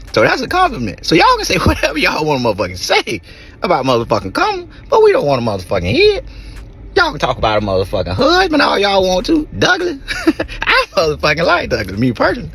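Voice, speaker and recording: A man's voice: high voice, vocal fry, a bit bright, breathy edge. A man in a played clip, ranting and laughing, swearing in nearly every line. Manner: laughs between lines, swears constantly. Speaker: rapper speaking in a clip. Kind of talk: laughing profane rant to camera.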